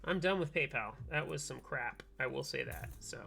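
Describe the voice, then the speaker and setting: Bright-voiced man telling a story on stream. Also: medium pitch, normal speed, vocal fry, husky. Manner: animated storytelling, acts out both sides of calls. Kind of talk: casual stream chat. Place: home workbench, soldering keyboards.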